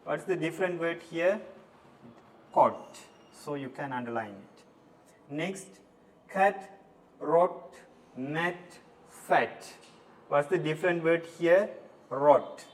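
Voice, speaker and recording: A man teaching a recorded English lesson from Sri Lanka, drilling words slowly one at a time. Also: fairly high pitch. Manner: slow, deliberate word-by-word drilling. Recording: distant mic, faint room noise.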